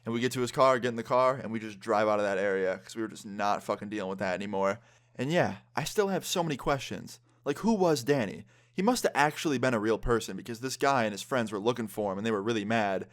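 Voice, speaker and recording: A young man telling a story casually, with lots of swearing and filler. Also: fairly low pitch. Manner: fast, animated, lots of swearing and "like". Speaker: vlogger.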